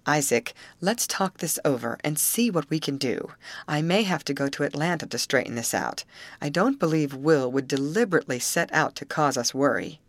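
A woman voicing a worried middle-aged father, a lawyer, speaking in a measured, sighing way. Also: low voice, expressive, no room sound. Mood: concerned.

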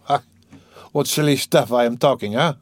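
A brooding, tormented young man speaks low and wearily, half muttering as he reflects, as a male audiobook reader voices him. The voice stays mid-pitched and dry. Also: normal speed, no echo, natural voice. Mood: weary. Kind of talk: audiobook character voice.

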